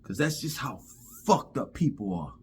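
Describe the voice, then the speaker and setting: A man's voice: fairly low pitch, big pitch swings, normal speed, a little mellow, a little hiss or hum. A man delivering a heated, profane vlog rant, often stammering over repeated words. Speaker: vlogger. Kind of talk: angry monologue rant.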